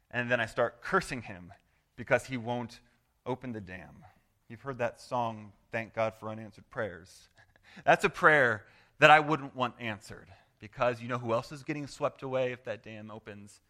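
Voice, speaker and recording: A man preaching a sermon as pastor, earnest and conversational, swinging from loud to hushed and acting out quoted prayers. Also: mid-range voice. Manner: acts out quoted prayers and replies in voice.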